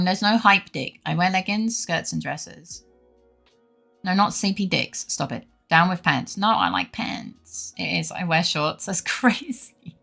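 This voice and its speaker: A woman's voice: fairly low pitch, creaky, sharp tone. A young woman streaming, chatting casually with viewers, laughing often and swearing freely while feeling a bit feverish. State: feverish, unwell. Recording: faint music behind.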